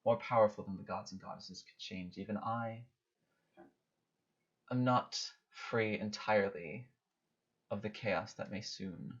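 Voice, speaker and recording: A mysterious goddess, voiced by a man delivers slow, solemn sermons. The voice sits low and grave, and the recording is dull and lo-fi. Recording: dull lo-fi audio.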